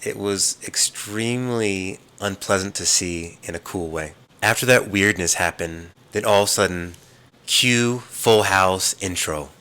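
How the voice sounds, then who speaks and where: A man hosting a podcast, casually recapping TV episodes as an animated storyteller who mimics the characters' lines. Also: low-pitched, measured pace, clear, resonant tone. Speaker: podcast host.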